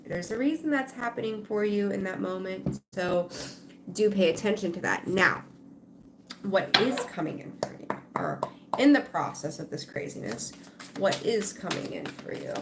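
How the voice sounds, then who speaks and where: A woman's voice: medium pitch, very animated, normal speed, noisy background. A woman giving a live-streamed tarot reading, rambling conversationally and talking straight to her viewers. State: tired, yawning. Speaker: tarot reader.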